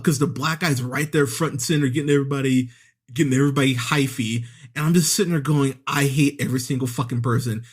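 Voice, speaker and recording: A man ranting through a sarcastic, profane movie review on a podcast, with exasperated asides and mocking impressions. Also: mid-range voice.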